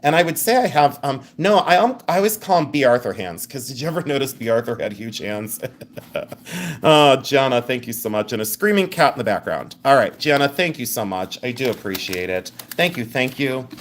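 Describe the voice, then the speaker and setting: A man's voice: medium pitch, expressive, fairly quick. A man hosting a live jewelry sale, chatting casually, joking and laughing as he describes rings and pendants with enthusiasm. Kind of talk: live sales stream chat.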